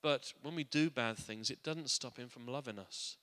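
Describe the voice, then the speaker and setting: A man preaching in a church, his voice very bright and forward, with a long reverb ringing around the hall. He speaks earnestly, often restarting and repeating words, and sinks quiet and soft on his reflective points. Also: mid-range voice, moderate pace. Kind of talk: sermon.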